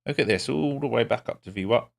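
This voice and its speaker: A man's voice: mid-range voice, fast, vocal fry. A man streaming live as a day trader, giving casual, wry commentary with muttered asides to his viewers.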